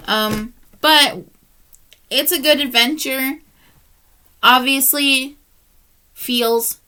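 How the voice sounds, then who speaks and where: A woman's voice: high voice, very slow, sharp tone, clear, resonant tone. A woman reviewing books in a casual vlog, chatty and heartfelt, tired and yawning as she rambles. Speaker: book reviewer.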